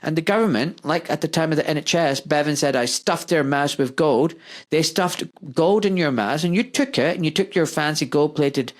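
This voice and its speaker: A man's voice: on the high side, brisk, hardly any pauses. A man, a doctor hosting a podcast, talking in an impassioned, emphatic rant that keeps circling back to its points. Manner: impassioned ranting, emphatic and repetitive. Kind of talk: podcast conversation.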